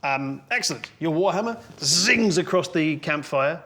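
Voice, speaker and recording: An English man narrates a tabletop game as dungeon master, his voice sitting a touch high. He rambles through the action and laughs often at his own descriptions. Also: expressive, normal speed, pushed and bright. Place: indoor room.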